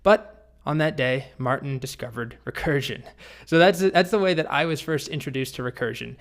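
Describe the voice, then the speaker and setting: A man teaching a programming lesson, telling a story in a relaxed, conversational way with small restarts. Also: mid-range voice, normal speed. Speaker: programming instructor. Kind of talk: recorded course lesson with a story.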